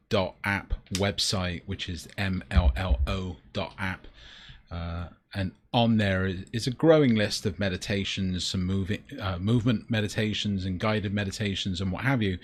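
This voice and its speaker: A man hosting a podcast, talking in a halting way with many fillers. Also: low voice, slight background noise. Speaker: podcast host. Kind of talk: casual podcast chat.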